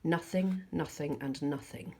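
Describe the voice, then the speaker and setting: A woman voicing a weary, sickly old man with a squeaky voice, sighing and curt. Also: measured pace, warm tone. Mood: grumpy dismissive.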